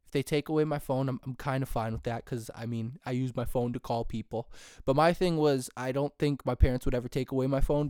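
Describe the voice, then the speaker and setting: A young man hosting a casual comedic rant, excitable and quick to get fired up. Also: mid-range voice, clean tone, dry recording, clean studio sound. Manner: excitable, builds to shouting when fired up. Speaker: host.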